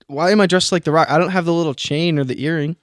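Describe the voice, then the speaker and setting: A man's voice: on the high side, fairly even intonation, fast talker, no room sound. Young man, podcast co-host, casual banter, jokey, dry sound. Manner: jokey, slips into a loud put-on frat-boy voice. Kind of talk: casual chat. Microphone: headphones and studio mic.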